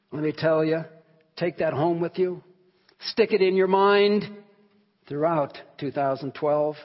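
Emphatic preacher in a reverberant hall. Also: male voice, a little high. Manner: earnest, emphatic, swells and drops in volume. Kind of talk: sermon teaching on a hymn. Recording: long hall reverb, dull sound.

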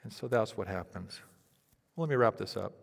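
Guy preaching a sermon, big dramatic swings from loud to almost whispering, long echoey church hall sound. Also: fairly low pitch, lively intonation, normal speed, gravelly. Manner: dramatic delivery, swinging from loud pleading to hushed near-whispers. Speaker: pastor. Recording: reverberant hall.

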